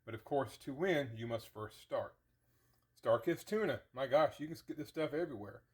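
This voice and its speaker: A man's voice: mid-range voice, expressive, normal speed, slightly rough. A man hosting a casual how-to cooking vlog in his home kitchen, talking in a folksy, chatty way and sometimes eating as he speaks. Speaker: diet vlogger.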